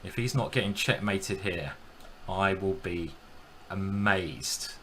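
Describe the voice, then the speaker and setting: A man commenting live on his own blitz chess games and joking with his chat in an animated, self-mocking way. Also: deep voice, slow, slight background noise. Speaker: chess streamer.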